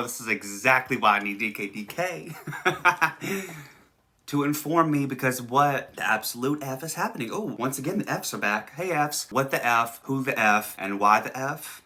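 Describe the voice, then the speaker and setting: A man hosting a music video reaction channel, chatting casually and excitably, laughing often. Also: medium pitch, moderate pace.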